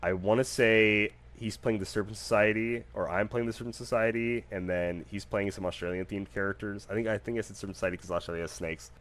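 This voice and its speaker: A man with a low voice hosts a solo podcast. He rambles through stories in a casual, joking way, with frequent fillers and lively bursts of emphasis. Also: a little fast, hardly any pauses. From United States. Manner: animated, jokey, rambling with fillers. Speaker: podcast host.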